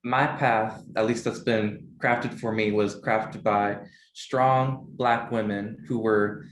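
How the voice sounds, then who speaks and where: A man's voice: on the low side, fairly even intonation. Emotional man in an echoey room. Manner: halting, searching for words. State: emotional, close to tears. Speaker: event participant. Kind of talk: personal testimony. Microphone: video call. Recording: echoey room with faint noise.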